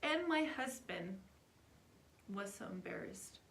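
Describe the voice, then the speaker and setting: Casual storytime vlogger, young woman, chatty, rambling with fillers, mid-pitched voice. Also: takes it slowly. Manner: chatty, animated, heavy with filler words.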